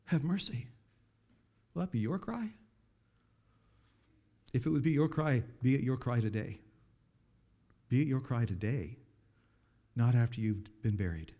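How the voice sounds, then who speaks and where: Reading scripture aloud and offering commentary, a mid-range-voiced man preaches a sermon that lurches between quiet, hushed pleading and loud appeals.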